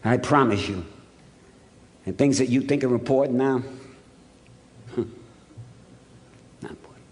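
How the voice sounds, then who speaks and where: A man's voice: mid-range voice, a little slow, pauses often. A man from Ohio telling his recovery story to a hall audience, punchy and wry, with lots of repetition. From Ohio, USA. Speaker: recovery meeting speaker. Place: hotel conference hall.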